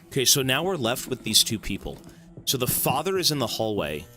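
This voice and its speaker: A man's voice: medium pitch, sing-song, a little fast, pushed and bright, faint music behind. A man giving casual commentary while playing a horror game, thinking aloud and swearing now and then.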